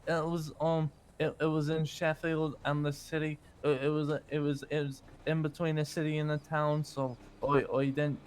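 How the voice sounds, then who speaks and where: A man's voice: fairly high pitch, little pitch movement, moderate pace, hardly any pauses, clear, resonant tone. A man doing a put-on Irish accent while roleplaying in character, stammering and earnest, often ending lines with tag questions. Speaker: roleplay player.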